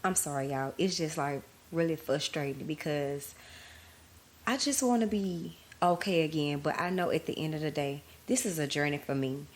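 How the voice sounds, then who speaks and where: A woman's voice: low voice, moderate pace. A woman hosting her own podcast, telling her story candidly in casual chat to her listeners. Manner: candid, conversational, addresses listeners as y'all. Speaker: podcast host.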